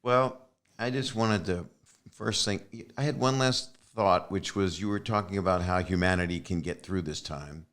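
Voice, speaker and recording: Deep-voiced male podcast host. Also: normal speed, a bit bright. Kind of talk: casual interview chat.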